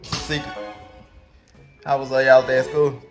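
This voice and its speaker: A man's voice: mid-range voice, monotone, measured pace, soft background music. A man with a Southern US accent, casually vlogging from his kitchen at home as a father, chuckling and repeating words as he talks. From Mississippi, US.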